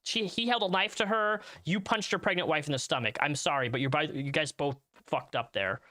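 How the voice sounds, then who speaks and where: A man's voice: on the high side, a little fast, bright, forceful tone. A man hosting a livestream, talking casually and rambling, often restarting his sentences. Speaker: livestream host.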